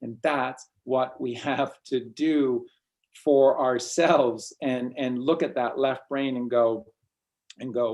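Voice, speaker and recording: A man's voice: medium pitch, a little mellow. A man hosting a casual spiritual talk, rambling and often repeating words as he restarts sentences. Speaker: host.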